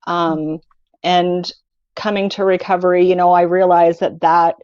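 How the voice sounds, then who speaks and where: Halting woman on a dull video call. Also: lowish voice, flat delivery, a little mellow, clear, resonant tone, no room sound. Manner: hesitant, halting, many fillers. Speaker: guest. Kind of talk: personal recovery testimony.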